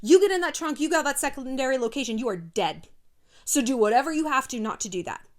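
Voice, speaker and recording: A woman's voice: sits high, expressive, quick pace. A woman in her thirties hosting a casual commentary video, brash and sassy, swearing and acting out quotes. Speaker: YouTube host.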